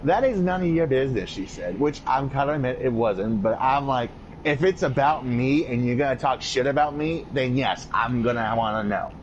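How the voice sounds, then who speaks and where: A man's voice: medium pitch, normal speed, few pauses, a little hiss or hum. Swearing man ranting on a podcast. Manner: profane, ranting delivery. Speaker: podcast host. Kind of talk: casual storytelling chat. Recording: dull lo-fi podcast audio.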